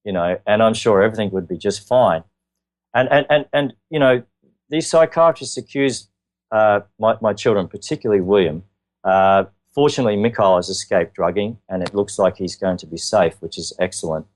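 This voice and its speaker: A man with an Australian accent and a somewhat low voice recounts his own story as an interview guest. He speaks earnestly and haltingly, with plenty of filler words along the way.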